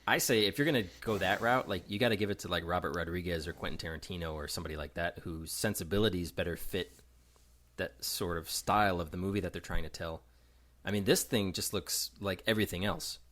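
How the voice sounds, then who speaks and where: A man with a fairly low voice co-hosts a casual movie podcast. He rambles through his points, piling on emphasis, and laughs a lot. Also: fast talker, fairly bright tone. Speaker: podcast co-host.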